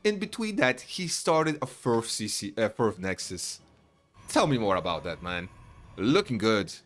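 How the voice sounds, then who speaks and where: Lowish-voiced man calling a strategy game. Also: a little slow. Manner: chatty, breaks into excited shouts and laughs. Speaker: esports caster. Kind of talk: live play-by-play game commentary.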